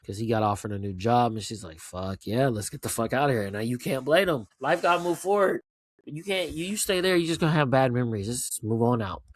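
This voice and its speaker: A male host rambles through a casual TV recap, excitable and foul-mouthed, forever tossing in "right?". His voice sits at an ordinary middle pitch. The sound is close and dry, with no room echo at all. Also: brisk. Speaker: show host.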